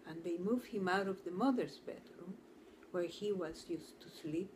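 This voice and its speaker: A woman's voice: fairly low pitch, a little mellow, slight background noise. A woman therapist telling a client's story to camera in an earnest, storytelling manner. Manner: earnest, storytelling, slow and deliberate. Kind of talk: talk to camera.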